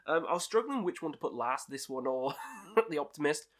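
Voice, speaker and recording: A man hosts a casual album ranking review, chatty and opinionated, peppering his talk with ums and likes. His voice is fairly high, fairly bright and expressive, and he speaks a little fast.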